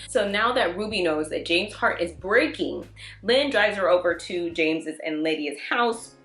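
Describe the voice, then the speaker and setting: A woman casually recapping and reviewing TV episodes in an animated way, often acting out the characters' lines. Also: lowish voice, moderate pace, roomy sound, soft background music. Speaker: TV review vlogger.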